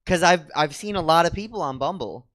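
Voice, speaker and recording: This man, co-host of a comedy show, has a fairly high, slightly bright voice with lively intonation and a somewhat fast pace. He rambles and mocks himself as he chats stand-up style with people in the theater.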